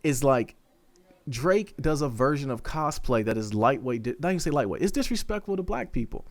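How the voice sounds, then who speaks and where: A man co-hosting a podcast in casual chat, animated and quick to laugh. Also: medium pitch, no echo. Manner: fast, animated, laughing often. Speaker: podcast co-host.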